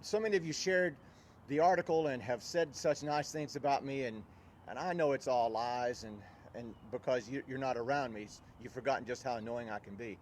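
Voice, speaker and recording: A man leading a live outdoor workout class, counting reps loudly in a drill-style voice and chatting between sets, on a visor mic with a windscreen on a windy day. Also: medium pitch, a little fast. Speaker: fitness instructor. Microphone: visor-mounted mic with fuzzy windscreen.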